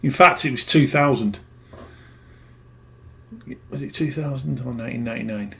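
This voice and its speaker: A middle-aged man at an ordinary, mid-range pitch speaks in a loose, rambling monologue. He talks plainly as a spiritual healer, often doubling back to correct himself as the story unfolds. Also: moderate pace, creaky, sharp tone.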